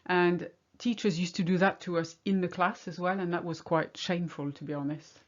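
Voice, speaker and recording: A middle-aged woman from France speaks English with a French accent, her voice sitting a little low. She explains things in a wry, chatty way, like a teacher in a video lesson. The recording sounds a bit dull and muffled. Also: steady tone, moderate pace. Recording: slightly muffled home recording.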